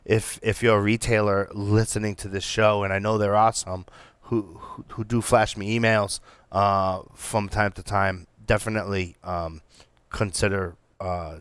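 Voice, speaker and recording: Casting note: male cigar-show co-host, smooth voice, dry close mic, rambling and excitable. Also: on the low side, dry recording. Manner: animated, rambling, lots of restarts. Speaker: podcast co-host reviewing cigars. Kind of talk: casual chat.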